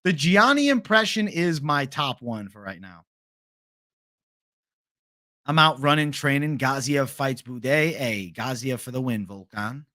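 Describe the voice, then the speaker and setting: A man's voice: mid-range voice, lively intonation, measured pace, bright, forceful tone. A young man hosting a casual livestream, swearing freely and reading viewer chat aloud. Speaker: livestream host.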